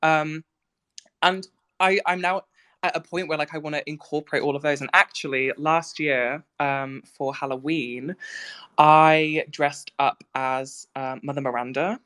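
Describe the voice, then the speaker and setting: A British woman with a low voice moderates a live audio Q&A. She talks in a chatty, giggly way with plenty of fillers. The sound comes through a simple call microphone. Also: steady tone, unhurried, a bit bright. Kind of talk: casual live audio chat. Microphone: remote audio call mic.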